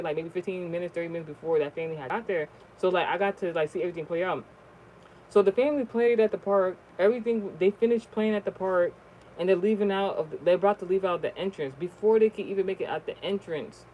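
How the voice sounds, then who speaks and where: A vlogger telling a personal story in a casual, rambling way, swearing often and restarting sentences, with the voice jumping high and loud at the shocking moments. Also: slight background noise, rough recording. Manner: rambling, profane, many fillers and restarts.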